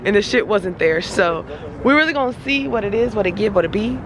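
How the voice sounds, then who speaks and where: A woman's voice: medium pitch, animated, a little fast, background noise. A woman vlogging outdoors on a campus, talking loosely in slang and asking people for last words. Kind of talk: casual vlog chat.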